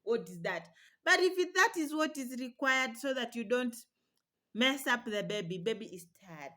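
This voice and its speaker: Casting: young mom vlogger, bright voice, pitched a bit high, chatty and reassuring, mimics baby cries. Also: female voice, expressive, normal speed. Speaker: parenting vlogger. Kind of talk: casual advice to mothers.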